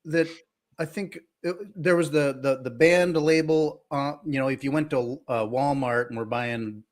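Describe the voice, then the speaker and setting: A man of middling pitch chats easily on a podcast. He hesitates and fills pauses while he searches for words, and laughs often. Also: steady tone. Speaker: podcast co-host. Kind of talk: casual chat.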